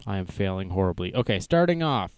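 A man's voice: deep voice, sing-song, fast, a little mellow, smooth, no echo. A young man hosting a casual livestream news show, joking and self-deprecating as he goes. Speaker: news stream host.

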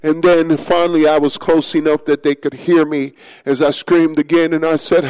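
A pastor preaching a sermon, telling a story with passion and drama. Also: male voice, a little high, level tone, moderate pace, hardly any pauses, darkish tone, clean tone, low-quality recording.

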